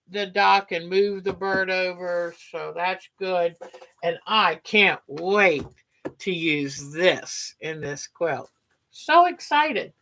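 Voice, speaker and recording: Chatty woman, bright voice, slow pace. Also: fairly low pitch, low-quality recording. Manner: chatty, warm sign-offs, talks to viewers by name. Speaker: quilting livestream host. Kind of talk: casual livestream chat.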